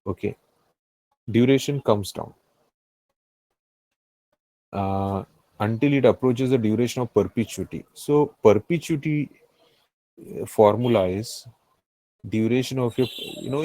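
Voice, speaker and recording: A man's voice: mid-range voice, a little slow, long pauses, mellow, no room sound, rough recording. A man with an Indian English accent teaching a finance class, repeating key phrases and often checking that the students follow. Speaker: finance tutor. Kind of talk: live classroom lecture.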